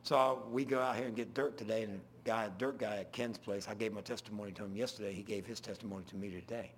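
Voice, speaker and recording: An older man preaching an informal sermon, full of folksy stories and swinging between loud and hushed. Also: lowish voice, fairly even intonation, fast talker, slight background noise.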